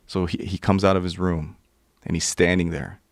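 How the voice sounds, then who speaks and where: Man, podcast guest, casual storytelling, profane, low voice, dry close mic. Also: normal speed, dry recording. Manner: profane, animated retelling with acted quotes. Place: podcast studio.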